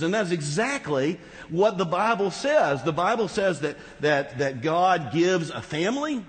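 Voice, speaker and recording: A man's voice: high-pitched, sing-song, measured pace. A man preaching a sermon as pastor, talking conversationally with rhetorical asides to the congregation. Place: large church hall. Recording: reverberant church hall.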